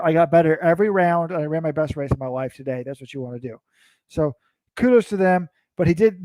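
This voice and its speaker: A man's voice: on the high side, darkish tone, no echo, low-quality recording. A man co-hosting a casual sports recap, telling stories in a rambling, self-interrupting way. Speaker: co-host.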